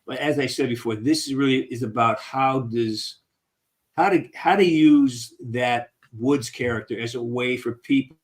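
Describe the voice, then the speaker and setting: A man's voice: medium pitch, normal speed. A man hosting a casual live-stream Q&A with fans over a video call, upbeat, encouraging and a bit rambling. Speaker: actor hosting a fan Q&A.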